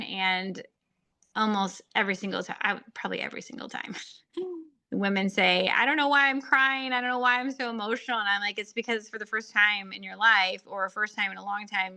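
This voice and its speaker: A woman's voice: mid-range voice, sharp tone. A woman hosting a faith-based marriage coaching podcast, speaking in an earnest, personal monologue with frequent fillers.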